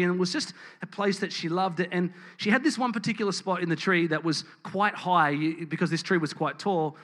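A man's voice: high voice, fairly bright tone. Candid man preaching a sermon. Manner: candid, storytelling, frequent ums and restarts. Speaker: church preacher and teacher. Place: church building with congregation.

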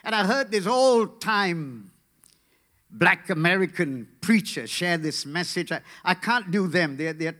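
A male pastor delivering a humorous sermon, animated and building to rhythmic preaching. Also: fairly high pitch.

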